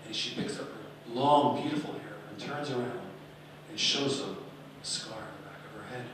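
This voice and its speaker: This man's storytelling is dramatic and animated, delivered to an audience in an echoey hall with the mic well away from him. He speaks at medium pitch and a moderate pace over background noise.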